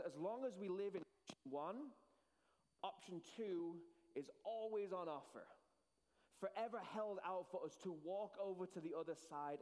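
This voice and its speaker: Guy preaching a sermon, kinda high voice, big echoey church hall. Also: darkish tone. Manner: earnest preaching with dramatic pauses. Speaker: pastor.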